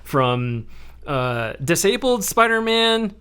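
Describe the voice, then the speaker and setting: A man hosting a casual podcast, ranting animatedly and swearing freely as he recaps a film. His voice is high for a man, bright and smooth. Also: sing-song, slow. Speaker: podcast host.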